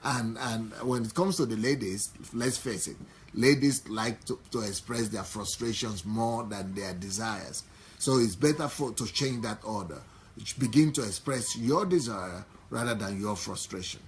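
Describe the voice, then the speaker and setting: A man's voice: fairly low pitch, unhurried, a little hiss or hum. A man giving marriage advice to wives in an earnest, instructive talk, often repeating and rephrasing his points between fillers.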